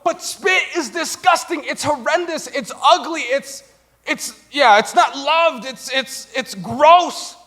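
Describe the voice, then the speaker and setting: A man's voice: very high voice, slow pace. A young man preaching a comedic sermon, telling stories animatedly and acting out other people's voices. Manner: animated storytelling with acted-out voices. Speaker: pastor. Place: church stage.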